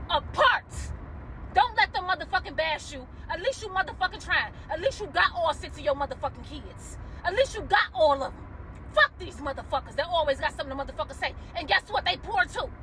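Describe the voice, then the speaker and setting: A woman's voice: very high-pitched, pushed and bright, slight background noise. A woman giving an emotional, profane rant to camera from a car, heated and close to tears. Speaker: commentator reacting to a viral video.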